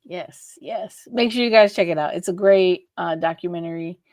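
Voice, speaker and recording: Woman co-host, gravelly fry, thoughtful review chat. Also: fairly low pitch, moderate pace, a little mellow, no room sound, studio quality. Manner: thoughtful, with many restarts.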